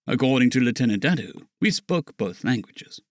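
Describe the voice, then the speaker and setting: Expressive male audiobook narrator. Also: medium pitch, moderate pace, no echo, clean studio sound. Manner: lively, expressive reading.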